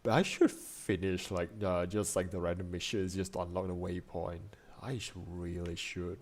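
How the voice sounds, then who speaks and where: A young man streaming from his desk, talking loosely to his viewers. His voice sits a bit low, and he rambles through restarts and fillers as if thinking aloud. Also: flat delivery, moderate pace. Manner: rambling, many fillers and restarts, frequent laughs. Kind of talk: casual stream chat.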